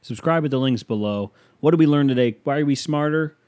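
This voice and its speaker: A man's voice: medium pitch, a little fast, a little mellow, no room sound. Rambling self-mocking man, dry close sound. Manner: rambling, self-mocking, bursts into angry rants. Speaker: podcast host. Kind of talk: casual comedic storytelling. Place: bedroom with a fan running.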